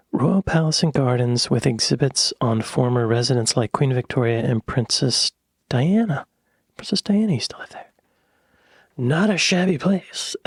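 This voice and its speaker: A man hosting a reaction video. He talks in a playful, joking way and often drops into soft whispered asides. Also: mid-range voice, husky, dry recording, clean studio sound. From United States. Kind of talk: casual reaction commentary.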